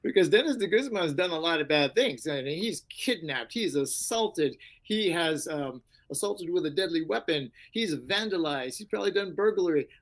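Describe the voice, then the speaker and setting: A middle-aged man chats as an interview guest in a fairly high voice. He tells lively stories, acts out the voices of the people in them and fills gaps with "you know." His delivery swings freely up and down. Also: moderate pace, hardly any pauses, rough recording. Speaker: guest, actor and karate instructor. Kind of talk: casual interview storytelling.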